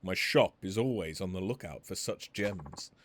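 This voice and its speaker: A man reading a calm, courteous master smith. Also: deep voice, slight background noise, pitched below the performer's own voice, close to an everyday voice. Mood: composed. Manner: formal, measured phrasing. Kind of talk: reading game dialogue aloud.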